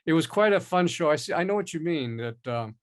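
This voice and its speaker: A man's voice: a little high, brisk. An older man, a veteran actor, telling long, rambling stories in an interview, with restarts and quoted voices. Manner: rambling, animated, with many restarts and acted-out quotes. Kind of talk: casual interview storytelling.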